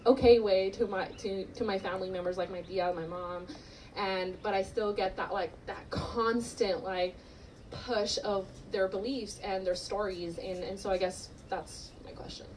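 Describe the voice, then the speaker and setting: A woman's voice: medium pitch, fairly even intonation, moderate pace, a little mellow, distant mic, slight background noise, low-quality recording. A woman in the audience asks a long, hesitant question with many fillers. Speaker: audience member asking a question.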